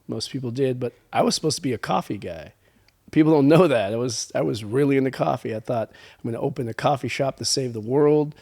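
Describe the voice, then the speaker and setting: Gravelly-voiced man telling stories. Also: mid-range voice, quick pace. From California. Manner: animated storyteller acting out quoted exchanges. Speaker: podcast guest, wine label owner. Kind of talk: casual storytelling chat.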